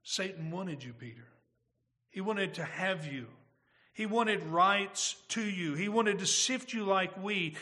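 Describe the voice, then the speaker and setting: Male pastor, high bright voice, earnest preaching with rhetorical questions. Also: slow pace. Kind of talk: sermon.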